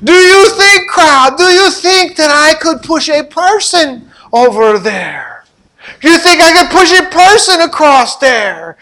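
A man playing a boastful tightrope-walking showman in a sermon story, loud and exclaiming. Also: sing-song, unhurried, heavily acted. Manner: loud, exclaiming, high and strained.

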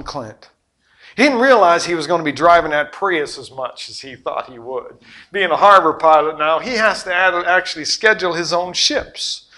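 Middle-aged male pastor, bright and slightly high voice, lively storytelling sermon with big loud-to-soft swings.

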